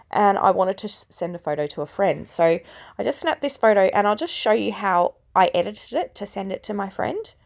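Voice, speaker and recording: Croaky woman with a gravelly voice. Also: mid-range voice, darkish tone. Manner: chatty and self-deprecating, explaining step by step. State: croaky from a cold. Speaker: photography tutorial host. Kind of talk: casual screen-recorded tutorial.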